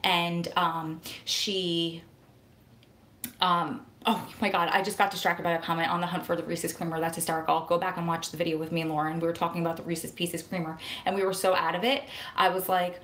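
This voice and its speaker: This New Jersey vlogger, who advocates for prison wives, speaks quickly in a lowish voice, rambling excitedly through a casual live-stream chat. There's a slight hiss or hum, and the room echoes.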